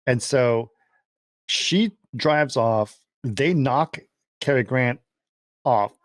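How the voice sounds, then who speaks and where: A man's voice: mid-range voice, very slow, dry recording, studio quality. A man co-hosting a casual film podcast, animatedly retelling the plot and acting out the characters' lines. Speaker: podcast co-host. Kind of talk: casual film-discussion chat.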